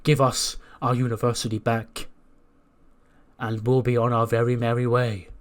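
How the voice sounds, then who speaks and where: A man voicing a big male wrestler who loses his temper and yells his demands. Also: medium pitch, flat delivery, normal speed, lightly acted. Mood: angry. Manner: shouting, angry.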